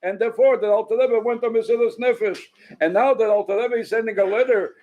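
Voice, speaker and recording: A man's voice: high-pitched, fairly even intonation, quick pace, a little mellow, dull audio. A man speaking as a rabbi at a farbrengen, telling stories with frequent restarts. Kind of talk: farbrengen talk. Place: synagogue.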